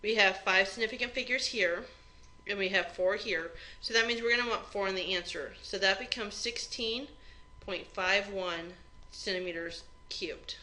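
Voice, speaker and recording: A chemistry instructor, a woman with a medium-pitched, sharp voice, leads an exam review at a normal speed. She goes through it step by step in plain, conversational language. The recorded lecture has poor audio.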